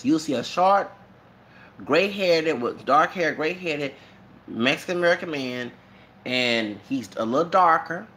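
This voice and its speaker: This man's voice sits on the high side, and he speaks without hurry. He's a YouTuber from Texas, rambling animatedly through an easygoing monologue full of laughter and side comments.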